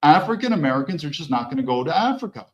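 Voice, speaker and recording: Blunt male commentator, high-ish lively voice, muffled recording. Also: racing. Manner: blunt, animated, mocking asides. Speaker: political commentator host. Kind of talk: reacting to news clips.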